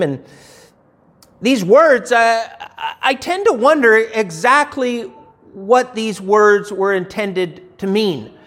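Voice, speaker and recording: Male preacher, high-pitched, conversational and emphatic, frequent restarts. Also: fairly bright tone. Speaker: pastor. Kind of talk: sermon.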